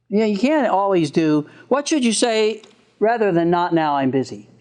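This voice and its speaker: A man's voice: sits high, expressive, moderate pace, a little mellow. A man giving a lecture on parenting, joking and laughing as he acts out what parents and children say. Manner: jokey, laughs at own lines, acts out parent and child voices. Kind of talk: recorded lecture.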